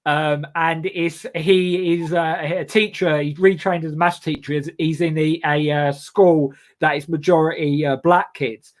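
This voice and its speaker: A man's voice: on the high side, fairly even intonation. Rambling, self-mocking young male host. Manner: rambling, self-deprecating, halting restarts. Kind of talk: casual comedic chat show.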